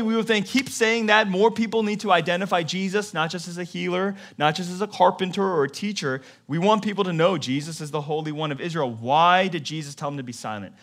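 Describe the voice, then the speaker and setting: A male pastor preaching a sermon, his voice sitting a little higher than most men's. He talks to the congregation in a casual, conversational way. He drops low and soft on some points and rises to forceful emphasis on others.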